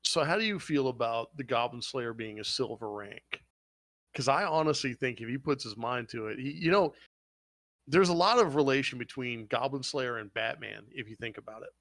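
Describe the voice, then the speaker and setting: A man hosting a casual podcast chat, telling stories in an excitable, profane way. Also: medium pitch, normal speed, no room sound. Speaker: podcast host.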